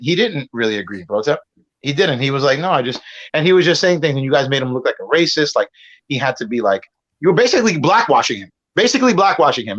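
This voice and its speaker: A man's voice: a little high, fairly bright tone. A man from Puerto Rico arguing heatedly on a stream, rambling, swearing and talking over the other side. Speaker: guest debater on a stream. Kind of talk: heated argument. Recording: muffled lo-fi audio.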